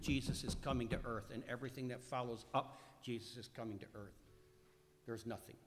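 A man's voice: medium pitch, steady tone, moderate pace, in a large hall. A man preaching a sermon as a pastor, telling the story with emphatic, dramatic delivery.

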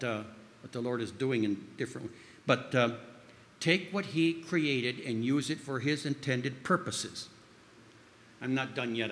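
A man giving an informal sermon with stories, rambling with frequent restarts and fillers. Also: mid-range voice. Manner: acts out quoted voices loudly. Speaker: speaker at a church gathering. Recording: long hall reverb.

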